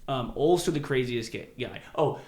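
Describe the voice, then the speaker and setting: A man hosting a podcast in loose, profane chat, drifting off-topic and laughing along. His voice sits at an ordinary middle pitch for a man. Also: expressive, normal speed, darkish tone, echoey room. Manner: rambling, profane, laughing often. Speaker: podcast host. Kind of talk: casual chat.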